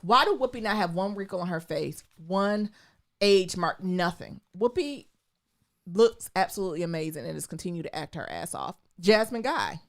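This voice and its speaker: A woman co-hosting a podcast, chatting casually in an animated, candid way and swearing freely. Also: on the low side, normal speed. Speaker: podcast co-host. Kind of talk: casual chat.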